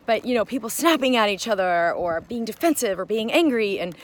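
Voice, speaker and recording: A woman's voice: on the high side, a little fast, a little hiss or hum. Chatty woman reflecting aloud. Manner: conversational, many fillers and restarts; acts out quoted voices with animated emphasis. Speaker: mind-body wellness teacher. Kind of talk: casual reflective monologue.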